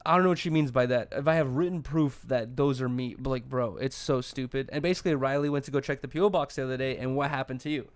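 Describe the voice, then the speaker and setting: A young man hosting a casual podcast chat, telling an animated, exasperated story with plenty of swearing. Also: mid-range voice, fast talker, hardly any pauses, clear, resonant tone, dry recording. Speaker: podcast host.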